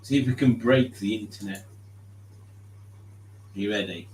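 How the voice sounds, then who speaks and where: A man's voice: fairly low pitch, normal speed, a little mellow, slight background noise. A man hosting a live stream, reading chat aloud in a chatty, jokey way and laughing often. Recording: roomy echo.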